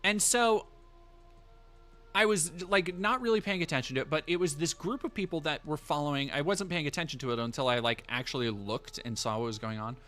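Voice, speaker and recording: A man's voice: on the high side, brisk, fairly bright tone, soft background music. A man streaming live, telling a rambling, profane story in casual chat with many fillers and restarts.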